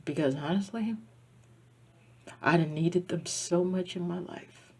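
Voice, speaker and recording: A woman vlogging a rambling, emotional personal monologue, tearful and repetitive, dropping from loud outbursts to near-whispers. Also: fairly low pitch, a little slow, breathy edge.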